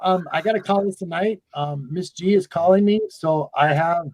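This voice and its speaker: A man from north central Wisconsin on a casual live stream, upbeat and giving shout-outs to the chat. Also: high-pitched, normal speed, no room sound, rough recording.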